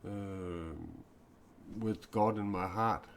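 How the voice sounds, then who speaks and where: Deep-voiced man, earnest and confessional. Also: expressive, very slow, gravelly, slight background noise. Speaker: self-described mystic and spiritual speaker. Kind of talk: improvised live-stream talk.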